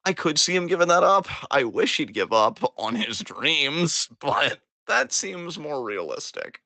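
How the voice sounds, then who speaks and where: Lively, bright-voiced podcast co-host man. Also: a little high, measured pace, gravelly, dry recording. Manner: animated, laughs often, swears freely. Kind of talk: casual wrestling podcast banter.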